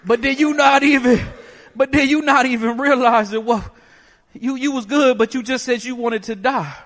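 A man with a very high voice preaches a sermon, driving his points home with rhetorical questions. His voice rings out with a long hall reverb trailing behind each phrase. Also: fairly even intonation, moderate pace, fairly bright tone.

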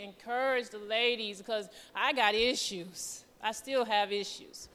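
Woman lay preacher, bright higher voice, nervous storyteller, church reverb. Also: a little slow, few pauses. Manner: nervous, chatty storytelling with lively quoted voices. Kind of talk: testimony sermon.

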